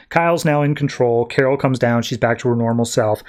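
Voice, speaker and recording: A man hosting a podcast, recapping a comic book casually and acting out the characters' lines in quick paraphrase, full of "like"s. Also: medium pitch, fairly even intonation, darkish tone. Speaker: podcast host.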